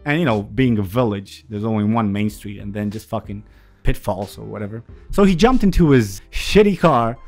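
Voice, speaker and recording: A man in his thirties from Romania telling a family story in a casual, profane, animated way, often laughing. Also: fairly low pitch, normal speed, soft background music.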